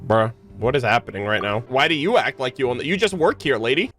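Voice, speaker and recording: A man reacting to a story game as a streamer, loud, excitable and slangy. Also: mid-range voice, quick pace, soft background music.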